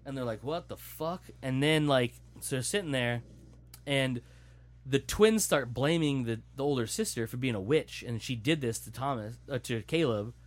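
A man's voice: medium pitch, moderate pace. A young man tells a story in a loose, casual way, swearing freely. He mimics what the characters say as he retells the plot to his friends. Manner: animated, profane storytelling, acting out quotes.

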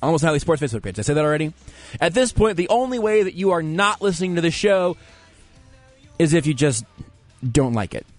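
Man, sports talk host, loose and conversational, slightly high voice. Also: sing-song, a little fast, pauses often, no echo, faint music behind. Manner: rambling, conversational, reads listener comments aloud. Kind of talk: casual sports talk show.

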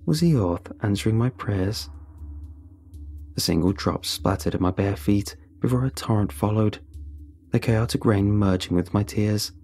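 Low-voiced male audiobook narrator. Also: measured pace, darkish tone. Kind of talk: first-person audiobook narration.

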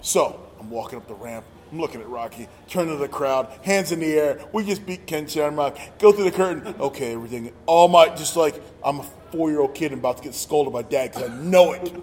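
A man telling a story in casual chat, acting out quotes with animated energy. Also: a little high, fairly quick, hardly any pauses. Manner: animated, acts out quotes loudly. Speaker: podcast guest, former wrestler. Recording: roomy with long reverb and faint noise.

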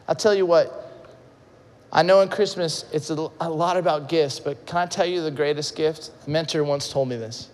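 A pastor preaching a sermon, telling a story and acting out its quotes with big swings between loud and soft. His voice sits fairly high for a man. The sound carries a long reverb from a large hall. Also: normal speed.

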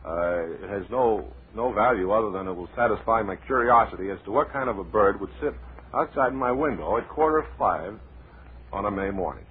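A man hosting a comedy radio show in a deadpan, rambling, mock-serious way, heard on a tinny old radio recording with light hiss. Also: fairly low pitch, fairly quick. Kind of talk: deadpan comic radio patter.

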